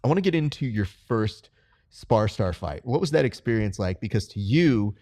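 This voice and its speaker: Male host, low-pitched, casual and animated, mimics people mid-story. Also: moderate pace, no echo, studio quality. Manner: animated storyteller, acts out quotes. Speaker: interviewer and coach. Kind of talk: casual interview chat.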